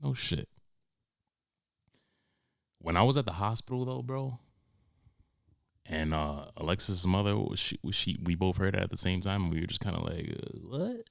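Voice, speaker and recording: Profane young New man, deep voice. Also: moderate pace, vocal fry, pauses often, dry recording, clean studio sound. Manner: profane, animated storytelling with sarcastic asides. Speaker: podcast host. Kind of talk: comedic monologue.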